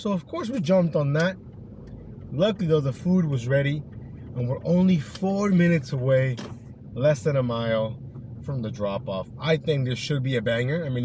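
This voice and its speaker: A man's voice: medium pitch, a little mellow. A man talking casually to his viewers from a car while driving for deliveries, upbeat and rambling, with lots of fillers. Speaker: delivery driver vlogger. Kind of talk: casual vlog narration. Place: inside a car. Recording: clear car and road noise behind. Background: car and road noise.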